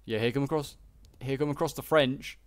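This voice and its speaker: A man's voice: mid-range voice, fairly quick, dry recording. A man casually commenting on a strategy game battle, rambling with lots of fillers. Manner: chatty and rambling, many fillers like "like" and "uh". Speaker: gameplay commentator.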